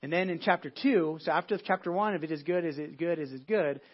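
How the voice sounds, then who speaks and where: A man's voice: a little high, steady tone, quick pace, muffled recording. A middle-aged man, a pastor, preaching a conversational sermon full of "right?" asides and restarts. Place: church sanctuary.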